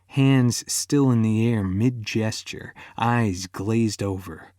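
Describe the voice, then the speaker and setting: A man's voice: fairly low pitch, slow pace, a little mellow, no echo, studio quality. A man narrating a romance audiobook in the first person, intimate and emotive, sinking almost to a whisper in tender moments.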